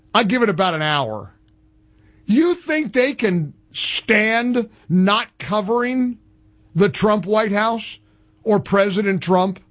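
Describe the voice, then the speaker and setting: A man hosting a talk show, delivering sarcastic, mocking political commentary. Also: high-pitched. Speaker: radio talk show host.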